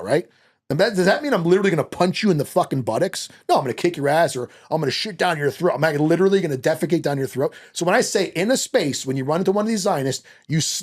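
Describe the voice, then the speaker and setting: A man speaks as a guest on an interview show, ranting at a rapid clip. His voice sits a little high and swings widely in pitch. He talks heatedly and swears often. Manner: fast, animated, profane ranting.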